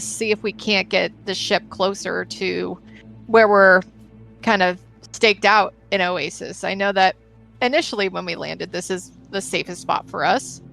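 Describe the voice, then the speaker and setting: A woman's voice: mid-range voice, gravelly, a bit bright, rough recording. A woman playing a tabletop game, chatting casually and a little hesitantly. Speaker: player.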